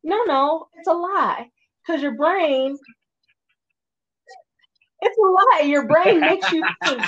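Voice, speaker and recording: A woman talking casually as a podcast guest, telling stories in an animated way and swearing now and then. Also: high voice, takes it slowly. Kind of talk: casual chat. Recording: dull lo-fi audio.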